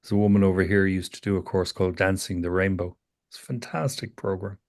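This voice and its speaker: A man working as a psychotherapist, talking a client through self-awareness in a calm, questioning way that repeats phrases. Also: sits low, fast talker. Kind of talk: therapy session conversation.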